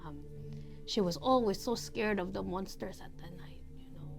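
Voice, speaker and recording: A woman voicing a warm motherly caregiver with a put-on foreign accent, coaxing and gently whispery in a tabletop role-play. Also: mid-range voice, normal speed, gravelly, over music, natural voice. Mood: soothing. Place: studio.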